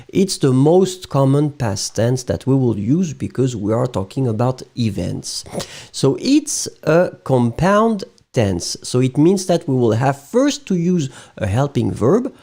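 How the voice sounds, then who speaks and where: A man's voice: medium pitch, mellow. A male French teacher, a native French speaker with a French accent, leading a playful, chatty live-streamed lesson and often checking in with his students.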